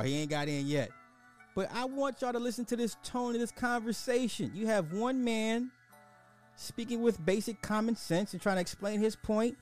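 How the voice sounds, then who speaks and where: A man's voice: sits high, a little mellow. A man hosting a podcast, giving blunt, exasperated casual commentary, often restarting his sentences. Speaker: podcast host.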